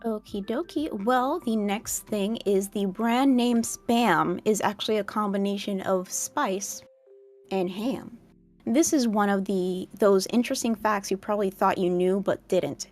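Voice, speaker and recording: A woman's voice: medium pitch, a little slow, darkish tone. A young woman with a mid-range voice reads fun facts aloud as a podcast co-host. She sounds wry and playful throughout. Faint music plays underneath. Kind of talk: casual podcast chat.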